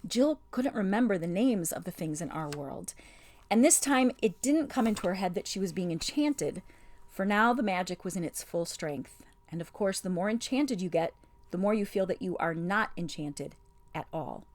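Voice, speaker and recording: A woman reading a storybook aloud in a calm, unhurried, gently expressive way. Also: mid-range voice. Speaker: audiobook reader. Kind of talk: storybook read-aloud narration.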